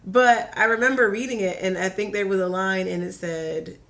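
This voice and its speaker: Woman guest from Virginia, casual chat, animated storyteller, mid-range voice. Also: mid-range voice, normal speed, gravelly. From Hampton Roads, Virginia. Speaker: podcast guest.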